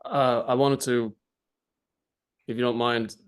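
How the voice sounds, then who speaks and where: A man's voice: mid-range voice, flat delivery, takes it slowly, smooth. A man in an online group dialogue, carefully restating what he understood, thorough and searching for words. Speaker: group participant.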